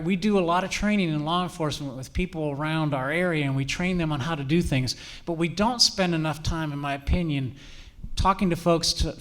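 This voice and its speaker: Middle-aged male officer, fairly high voice, earnest and direct; lecturing on safety, keeps checking in with the room. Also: a bit bright. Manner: earnest, direct, often checks in with "all right?". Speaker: campus police officer and trainer.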